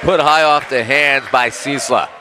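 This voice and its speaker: A man's voice: mid-range voice, a little slow, a crowd in the background. A man doing live play-by-play commentary on a volleyball match, his voice jumping up on big plays. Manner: excitable, voice jumps up on big plays. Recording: commentary over loud gym noise.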